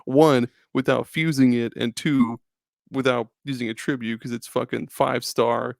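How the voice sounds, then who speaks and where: A man's voice: medium pitch, fairly even intonation, unhurried, vocal fry, no echo, clean studio sound. A man hosting a podcast in casual chat, rambling, swearing often and laughing a lot. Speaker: podcast host.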